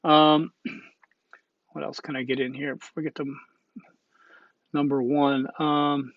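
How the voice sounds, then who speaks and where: A man's voice: on the high side, steady tone, slow, pauses often, dry recording. Man lecturing casually, dry dull recording. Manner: conversational, peppered with "okay?" and fillers; self-correcting asides. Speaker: college instructor.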